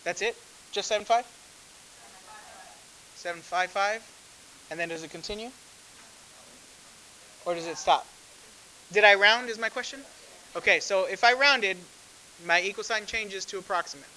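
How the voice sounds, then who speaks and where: Male math teacher, classroom lecture, high voice, light hiss. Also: bright, forceful tone, low-quality recording. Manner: asks the class frequent questions, conversational.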